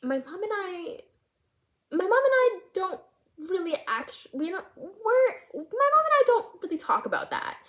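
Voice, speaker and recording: A woman's voice: on the low side, animated, voice pushed down, lightly acted. Woman voicing a shy, grieving teen girl. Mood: hesitant. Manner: halting, hesitant.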